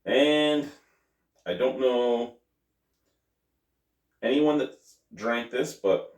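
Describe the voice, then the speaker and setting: A man's voice: mid-range voice, drawn-out words, a little mellow. A man casually reviewing a beer on camera, chatty and thinking aloud, correcting himself as he goes. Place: at home. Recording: roomy, mic at a distance.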